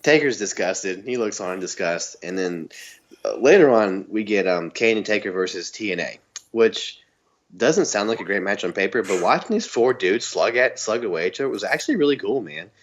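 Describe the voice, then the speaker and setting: Low-voiced excited man. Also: moderate pace, lo-fi sound. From Southern US. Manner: excited storytelling with laughs. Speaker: podcast co-host. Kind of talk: casual chat.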